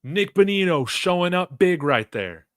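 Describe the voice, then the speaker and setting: A man giving live play-by-play reactions as a fan, reading chat comments aloud and shouting on big plays. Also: high voice, animated, measured pace, no room sound, studio quality. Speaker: fan watch-along commentator.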